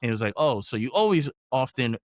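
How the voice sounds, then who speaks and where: A man's voice: medium pitch, fairly quick, no echo, clean studio sound. Laid-back man co-hosting a chat show. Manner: relaxed, conversational, many fillers. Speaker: podcast co-host. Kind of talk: casual chat.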